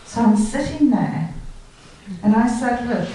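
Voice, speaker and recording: A woman giving a storytelling talk, recalling events and acting out the dialogue in a lively way. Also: fairly high pitch, slow pace, slight background noise. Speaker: guest speaker. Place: lecture hall. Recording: far from the mic, very echoey hall.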